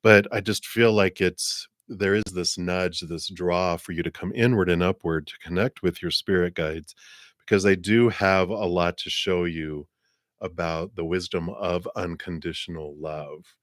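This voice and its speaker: A man with a very low voice reads tarot cards for viewers on a livestream. He talks in a friendly, chatty flow and clears his throat every so often. The sound is dry and close. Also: steady tone, measured pace, no echo. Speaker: tarot reader.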